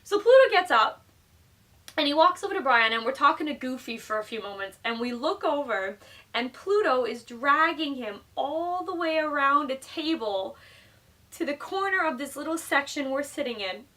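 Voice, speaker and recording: High bright-voiced girl doing a storytime vlog, super chatty, kinda far from the mic. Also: normal speed. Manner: chatty and animated, heavy use of "like", laughing often. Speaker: vlogger telling a story. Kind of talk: casual storytime narration.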